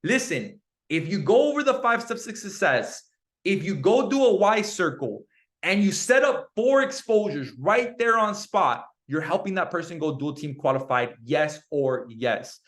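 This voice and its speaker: A young man leading a team call, coaching in an energetic, repetitive way and often checking in with "right?". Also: high voice, measured pace. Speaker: team leader on a sales call. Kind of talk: motivational coaching talk.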